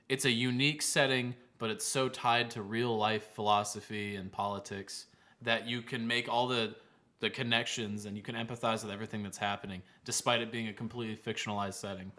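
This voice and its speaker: A man's voice: mid-range voice, bright, forceful tone. A man co-hosting a casual podcast chat, talking eagerly and leaning on filler words. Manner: enthusiastic, many "like" fillers. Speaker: podcast co-host.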